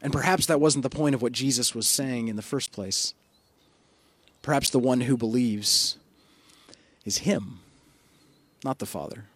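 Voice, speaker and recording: A male pastor giving a sermon in an earnest, reflective way, often trailing off softly. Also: medium pitch, husky, dry recording. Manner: earnest, reflective, with soft dropping pauses.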